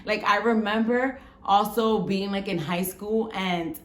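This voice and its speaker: A woman in her thirties from the Bronx with a Bronx accent and a rough voice, chatting frankly to camera and swearing freely as she tells a story. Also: mid-range voice, measured pace, a bit bright, roomy sound. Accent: Bronx New York. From the Bronx, New York. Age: 30s. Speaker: vlogger.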